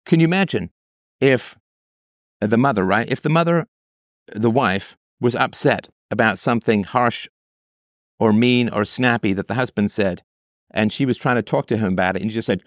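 A man's voice: medium pitch, animated, moderate pace, no echo, studio quality. A man reading a text aloud and cutting in with sarcastic, emphatic commentary, often repeating phrases for effect.

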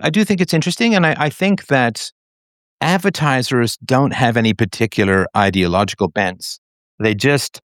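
A man with a fairly low voice hosts a call-in show, speaking in a measured, reflective way. He often repeats himself and pauses on fillers as he thinks. The sound is dry and close, with no room around it. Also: fairly bright tone, clear, resonant tone, no echo. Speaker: show host taking callers.

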